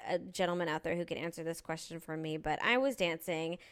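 A woman's voice: low voice, fairly quick, clean tone. A woman telling a story in casual chat, acting out what people said to her. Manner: animated storytelling, acting out quotes.

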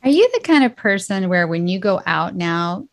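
A woman's voice: mid-range voice, big pitch swings, normal speed, dry recording. A woman hosting a podcast interview, talking in a conversational, openly emotional way. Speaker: podcast host.

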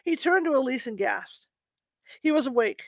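A woman's voice: high voice, lively intonation, moderate pace, no room sound. Casual woman reading a story aloud. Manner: informal, stops to correct herself and apologize mid-reading. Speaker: reader.

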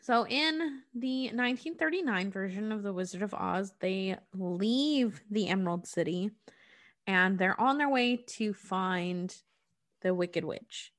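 A woman's voice: medium pitch, measured pace. A woman casually recapping a film in a chatty, wry way, as a podcast co-host.

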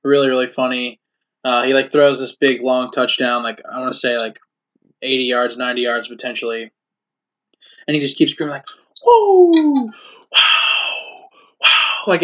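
A man co-hosting a casual sports podcast, rambling through stories with plenty of fillers. His voice sits at a medium pitch, and the recording is muffled and lo-fi. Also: fairly quick. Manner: chatty, many fillers, animated storyteller. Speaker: podcast co-host. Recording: dull lo-fi podcast audio.

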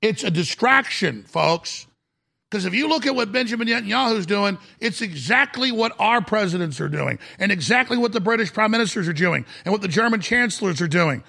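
A man's voice: high-pitched, expressive, fairly quick, creaky, pushed and bright. A middle-aged man hosting a political talk show, ranting emphatically and calling his listeners folks.

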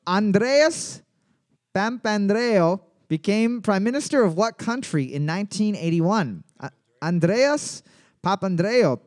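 A man with a high voice hosts a trivia night, reading each question twice. He slips in crude jokes and teasing asides between rounds. His delivery is loose and playful. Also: a little mellow. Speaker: trivia host. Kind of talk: bar trivia hosting with banter.

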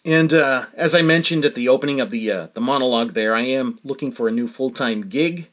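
A man's voice: mid-range voice, a little fast, fairly bright tone. A middle-aged man hosting a podcast, talking candidly in a casual, rambling monologue full of fillers and restarts. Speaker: podcast host.

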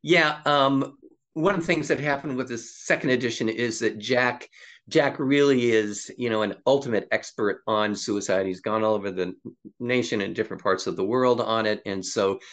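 An older man, a psychologist guest on an interview podcast, telling stories casually and acting out quoted dialogue with lively jumps in pitch. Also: moderate pace. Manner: animated storyteller who acts out quoted dialogue with rising pitch.

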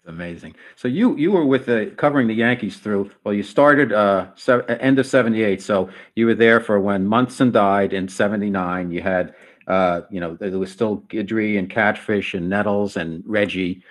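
Low-voiced man hosting an interview. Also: moderate pace. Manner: conversational, stumbling over follow-up questions. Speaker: podcast host. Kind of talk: casual interview.

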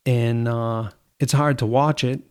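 A man's voice: mid-range voice, fairly even intonation, takes it slowly, smooth. A man who runs a golf course crew, talking bluntly in casual chat, swearing freely and acting out what he says to his workers.

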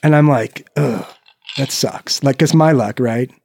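A man from Iowa in his forties, a guest telling a story in casual chat, animated, swearing freely and acting out the people he quotes. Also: mid-range voice, measured pace, creaky, breathy edge. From Iowa, United States. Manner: swears freely, peppers speech with "right?".

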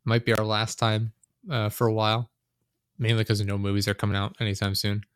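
A man's voice: on the low side, monotone, fairly quick, clean tone, dry recording, studio quality. A young man chatting casually as a podcast host, telling long rambling stories, swearing a lot and laughing often. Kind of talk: casual chat.

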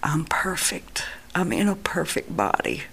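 A woman quoting her dying son in a hushed, half-whispered voice. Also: low-pitched, steady tone, takes it slowly. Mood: awed. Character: dying young man speaking softly of heaven.

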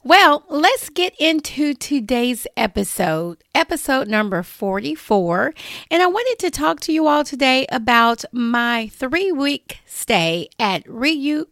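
A woman's voice: fairly high pitch, creaky, fairly bright tone, dry recording, studio quality. A woman hosting a travel podcast, talking casually and chattily to her listeners. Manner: chatty, drawls "y'all". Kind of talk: casual solo podcast talk.

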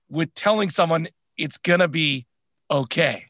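Bright, high-voiced man chatting candidly. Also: lively intonation, normal speed, no echo. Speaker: podcast co-host. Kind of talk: casual chat.

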